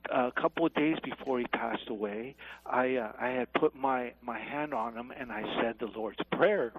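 A man calling in to a radio talk show, speaking haltingly with many fillers. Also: mid-range voice, sing-song, vocal fry, breathy edge, rough recording. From Texas. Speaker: caller. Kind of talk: call-in radio caller.

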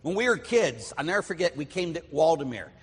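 A man's voice: a little high, very animated, a little fast, husky, long reverb tail. A middle-aged man from Pittsburgh, a priest, giving a conversational sermon full of personal stories, with filler words and acted-out voices. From Pittsburgh, USA. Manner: storytelling, acts out voices, chatty with fillers.

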